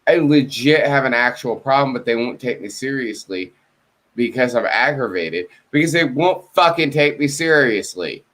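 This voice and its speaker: A man's voice: mid-range voice, animated, moderate pace, fairly bright tone. A man in a casual video-call chat, telling a story with lots of swearing and acting out both sides of phone calls. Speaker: co-host.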